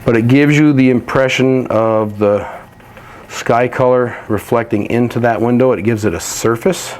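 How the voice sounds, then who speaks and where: A man teaching a painting lesson, walking through each step in a relaxed, practical way while he works. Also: mid-range voice, normal speed. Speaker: painting instructor.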